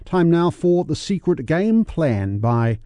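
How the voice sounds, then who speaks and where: Relaxed New radio presenter. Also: male voice, fairly high pitch, slow pace, dry recording, studio quality. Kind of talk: radio continuity announcing.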